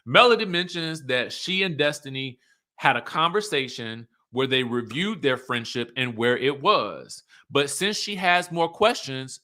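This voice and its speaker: A man talks through a reality show episode in a loose, animated way, throwing out rhetorical questions as he goes. His voice is bright and sits a little high for a man. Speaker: reality TV recap host. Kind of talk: casual recap commentary.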